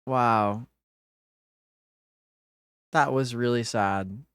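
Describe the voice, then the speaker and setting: A woman's voice: a bass voice, extremely slow, fairly bright tone, smooth, dry recording, clean studio sound, soft background music. A woman streamer giving live gaming commentary, reading dialogue choices aloud and swearing in dismay.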